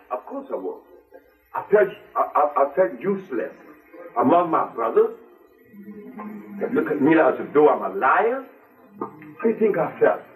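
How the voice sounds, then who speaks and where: With a medium-pitched, somewhat bright voice, an older man delivers a fervent speech to a live audience, repeating phrases to stress them. Faint music plays and the mic is distant.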